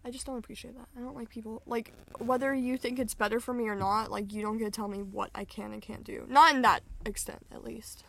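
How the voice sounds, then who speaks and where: A woman's voice: fairly high pitch, fairly even intonation, fast talker, gravelly, hardly any pauses, a bit bright. A young woman co-hosting a podcast, talking frankly and telling stories from her own life in a casual chat. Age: young adult. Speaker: podcast co-host.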